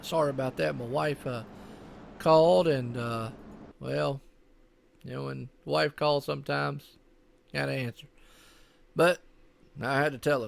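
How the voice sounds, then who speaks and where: A man's voice: medium pitch, steady tone, moderate pace, gravelly. A man with a Southern US accent giving live commentary on an online sim race in a folksy, chatty way. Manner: folksy, chatty, lots of "I tell you what" and "y'all".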